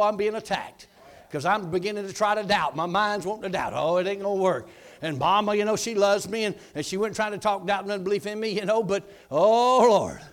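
A high-pitched man delivers a testimony sermon, telling his own story with drama and shouting his declarations.

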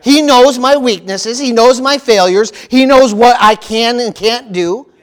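Male pastor, very high-pitched voice, animated sermon delivery with comic panicked voices. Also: measured pace. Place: church.

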